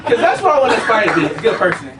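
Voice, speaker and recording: A man's voice: high voice, very animated, very fast, a loud crowd. A young man performing a casual, profane stand-up comedy set, telling rambling stories on stage. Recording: roomy, distant, noisy live room. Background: audience laughter.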